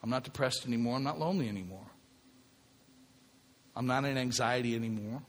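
A man's voice: mid-range voice, fairly quick, long reverb tail. A man giving a spiritual talk to a recovery group, speaking conversationally, often checking in with "right?" and repeating himself.

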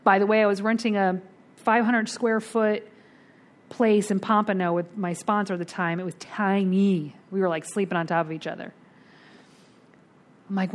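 A middle-aged woman telling her recovery story at a twelve-step meeting, candid and animated, acting out the voices of the people in it. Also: mid-range voice, normal speed, pauses often.

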